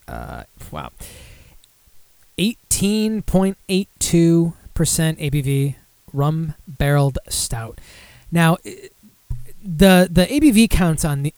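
A man's voice: on the high side, darkish tone, no echo. A young man hosting a casual podcast, rambling and self-deprecating with lots of fillers while running through beer news. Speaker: podcast host.

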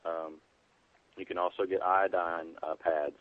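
A deep-voiced man speaks as a guest in a casual interview over a tinny phone line. He sounds dry and close, with no room around him. He explains in an easygoing, plain way and often pauses on "um" and "you know.". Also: flat delivery, dry recording. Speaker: EMT guest on a preparedness podcast.

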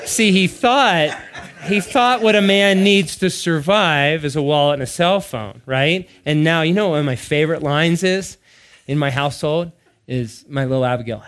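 A man in his thirties or forties preaching, telling family stories with laughter and animated bursts. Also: fairly high pitch, moderate pace. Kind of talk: sermon-style storytelling.

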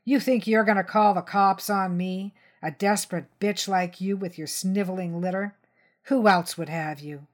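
A woman's voice: medium pitch, fairly even intonation, moderate pace, close to an everyday voice. A woman reading a story aloud, voicing a violent, sneering man who threatens a family. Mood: menacing. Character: brutal menacing adult man, a violent stepfather.

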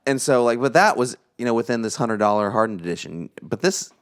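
A young man telling a late-night anecdote in casual podcast chat, his voice sitting at an ordinary middle pitch. He drifts in and out of quoted dialogue as he goes, keeping it loose and conversational. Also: a little fast, smooth. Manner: animated anecdote telling, acts out quoted lines. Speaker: podcast co-host.

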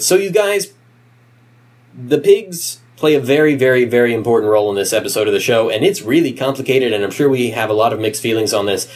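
Brief: male podcast host, mid pitch, jokey and playful. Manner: playful, jokey, self-deprecating. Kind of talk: casual podcast chat.

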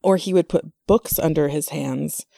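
A woman's voice: sits low, normal speed, gravelly, warm tone, no echo, studio quality. A woman hosting a casual conversation, chatty, with many fillers and asides.

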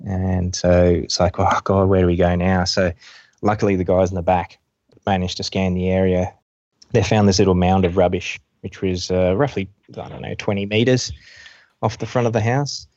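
A man, a helicopter pilot, telling a rescue story in a halting way with many fillers. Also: sits low, little pitch movement, darkish tone, no room sound. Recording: dull lo-fi dry sound.

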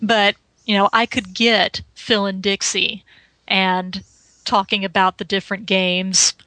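A woman's voice: mid-range voice, flat delivery, unhurried, pushed and bright, dry recording, rough recording. A woman in her forties on a podcast, chatting casually and thoughtfully with frequent fillers. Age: 40s. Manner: thoughtful, hesitant, fillers and "you know". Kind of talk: casual chat.

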